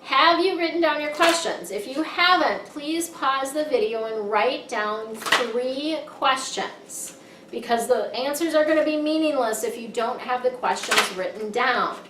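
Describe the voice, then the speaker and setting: A woman's voice: high voice, measured pace, noisy background. Upbeat woman reading tarot cards. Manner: upbeat, encouraging, often ends with "right?". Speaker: tarot card reader. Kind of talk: casual monthly tarot reading. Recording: echoey room, mic set far off.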